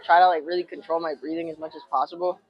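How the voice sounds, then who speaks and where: Talking very fast in a flat, mid-range voice, a young adult rapper chats openly as an interview guest, using "like" constantly. The recording has its highs cut off.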